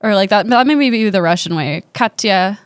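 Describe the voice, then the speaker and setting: A woman co-hosting a podcast in a casual comedic chat, chiming in with quick teasing remarks. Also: medium pitch, expressive, smooth, dry recording. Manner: quick teasing interjections, playful. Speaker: podcast co-host.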